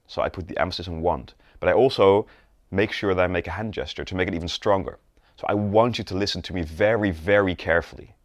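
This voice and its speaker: A man's voice: sits low, no echo, clean studio sound. A man teaching sales in a conversational video lesson, often checking in with the viewer and demonstrating gestures as he talks. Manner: demonstrates postures and gestures while talking. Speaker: sales coach.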